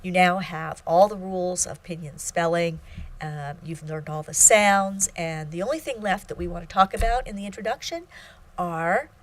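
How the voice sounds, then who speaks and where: A woman teaching a recorded language lecture, explaining spelling rules with fillers and restarts and modeling sounds slowly. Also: on the low side, slight background noise. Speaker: Chinese language instructor.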